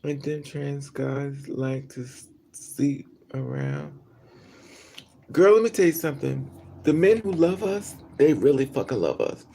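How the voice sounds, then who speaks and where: A woman's voice: rumbling low, animated, measured pace, vocal fry, mellow, slight background noise. A woman vlogger telling stories in a casual, profane, gossipy monologue and often laughing between remarks.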